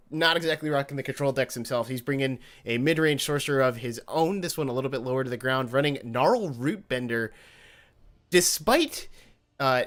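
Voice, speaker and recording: A man's voice: fairly high pitch, fairly bright tone. A man casting a card game tournament, chatty and joking, who stops to correct himself. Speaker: tournament caster. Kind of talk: casual esports commentary.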